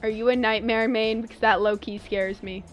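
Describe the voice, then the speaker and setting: A woman's voice: a little high, fairly even intonation, normal speed, highs cut off, faint music behind. A young woman streaming a game live, chatting playfully with her viewers while she plays. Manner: playful, chatty, talks to chat. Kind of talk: live gameplay commentary.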